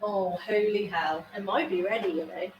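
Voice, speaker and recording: A young woman chatting to her live-stream viewers as she bakes in her kitchen, excitable and sweary, often drifting away from the mic. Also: mid-range voice, normal speed, highs cut off, background noise. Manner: chatty, sweary and excitable, talking to chat while baking. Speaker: baking livestreamer. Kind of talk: casual live-stream chat. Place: home kitchen. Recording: echoey kitchen with faint ambience.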